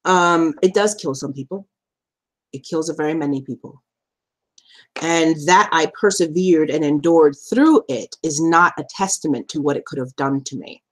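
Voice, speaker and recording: A woman hosting a live stream, telling a personal story with lots of laughter and animated acted-out quotes, then slowing down and softening for serious points. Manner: animated, laughs often, acts out quotes with big pitch jumps. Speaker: survivor advocate and live stream host.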